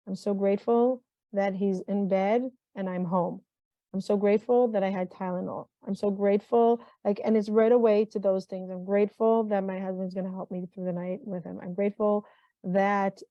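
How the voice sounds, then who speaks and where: A woman's voice: mid-range voice, dark tone, no room sound. A middle-aged woman speaking as a guest in an interview, talking in an earnest, heartfelt way and often repeating and restarting her phrases. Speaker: guest, mental health consultant. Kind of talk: reflective interview conversation. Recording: dull, dry sound.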